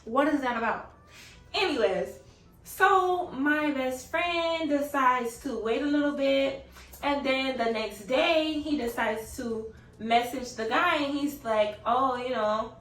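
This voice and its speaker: A young woman tells a casual storytime in a chatty, profane way, often raising her voice when quoting people. Her voice sits a little high. She sounds somewhat away from the mic in an echoey room. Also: slow pace, fairly bright tone, distant mic, faint music behind. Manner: chatty, swearing, laughing, quoting in a raised voice. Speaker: vlogger.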